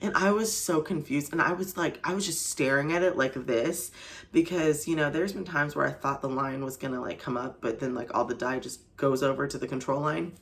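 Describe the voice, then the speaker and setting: A woman's voice: deep voice, a little fast, fairly bright tone. A young woman vlogger telling a personal story to camera in a casual, chatty way, full of "like" and "you know". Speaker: faith vlogger.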